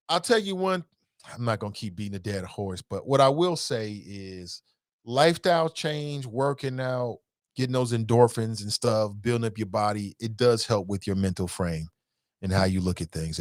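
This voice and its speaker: A man hosting a casual call-in talk show, reading listener comments aloud and riffing on them in a blunt, animated way, swearing freely. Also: mid-range voice, dry recording, studio quality.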